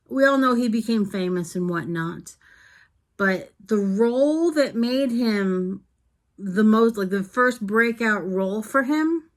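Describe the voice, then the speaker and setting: A woman's voice: a little high, a bit bright. A woman from New Jersey, talking casually and emphatically to camera in a vlog. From New Jersey, USA. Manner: chatty, opinionated, emphatic, talks with her hands. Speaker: vlogger.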